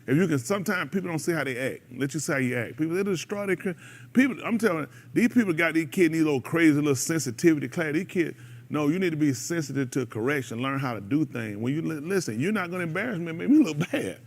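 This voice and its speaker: A man in his thirties hosts a show, lecturing a gathered group in a loose, preaching way. His voice sits high and swings widely in pitch from low asides to sharp peaks. He exhorts his listeners with lots of energy. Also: fast. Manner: animated, exhorting, breaks into laughter and mimicry. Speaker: radio show host. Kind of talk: casual preaching talk to a live group.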